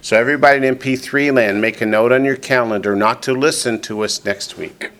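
A man's voice: mid-range voice, fairly even intonation, fairly quick, fairly bright tone, a little hiss or hum. A man teaching a classroom lesson who repeats each student's answer back and then explains it patiently, step by step. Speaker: Hebrew teacher.

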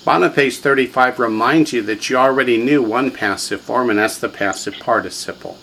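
A man's voice: medium pitch, a little fast, bright, forceful tone, slight background noise, poor audio. A man teaching a classroom lesson, drilling students with repetition and quiz questions. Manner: drills students, has them repeat words, quizzes them. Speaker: language teacher.

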